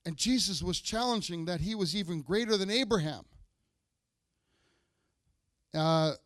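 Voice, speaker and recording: High bright-voiced male pastor preaching, reads verses with big emphatic swells, dry close sound. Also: a little fast, hardly any pauses, no room sound. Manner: reads scripture aloud with rising emphatic bursts. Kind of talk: sermon.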